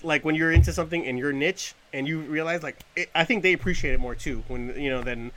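A man's voice: a little high, fast, fairly bright tone. A man in casual, profane chat who laughs often and jokes around. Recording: noisy background.

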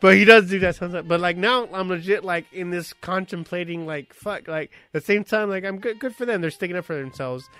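A man in his thirties chatting casually, telling a profane, animated story and acting out quotes. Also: sits high, brisk, hardly any pauses, smooth. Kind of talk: casual chat.

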